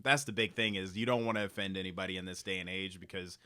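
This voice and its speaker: Man, podcast co-host, casual chat, crisp bright voice, loose fillers. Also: sits low, fast talker. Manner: relaxed, filler-heavy, laughing.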